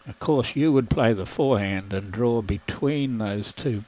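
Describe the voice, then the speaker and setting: A man's voice: lowish voice, unhurried, dark tone, rough recording. A man with an Australian accent commentating a lawn bowls match live, calling shots with dry, joking banter.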